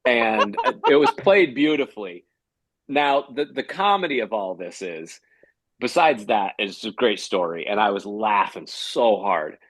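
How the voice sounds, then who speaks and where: A man who hosts game shows, a guest telling a story with lively energy. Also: on the low side, a little slow, no echo. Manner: lively, acts out quotes in raised voice. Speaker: game show host, guest. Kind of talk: animated storytelling.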